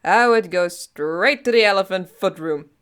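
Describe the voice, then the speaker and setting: A young woman in her twenties reads comedy posts out loud in a casual, deadpan way. She keeps a middle-pitched voice and jumps into quick put-on character voices along the way. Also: clear, resonant tone. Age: 20s. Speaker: comedy dubber reading posts aloud. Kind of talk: comedic dub of text posts.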